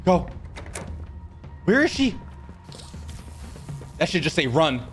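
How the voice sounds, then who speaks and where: A man's voice: a little high, big pitch swings, slow, faint music behind. A young man streaming a horror game, panicking, yelping and muttering to himself. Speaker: gaming streamer. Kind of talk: live horror game commentary.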